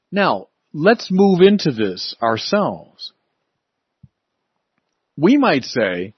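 A man delivers a sermon with a husky, slightly breathy voice, leaning hard on key words and slowing down to stress them. He sounds close and dry, with a dull, muffled top end. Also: a little high, big pitch swings, no room sound. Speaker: preacher.

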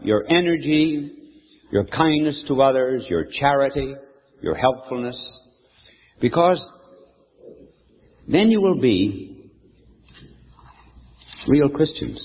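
Animated preacher in an echoey hall. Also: male voice, medium pitch, slow pace, long pauses, husky. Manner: animated, folksy storyteller who quizzes the audience. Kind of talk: storytelling sermon. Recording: echoey hall, tinny phone-like sound.

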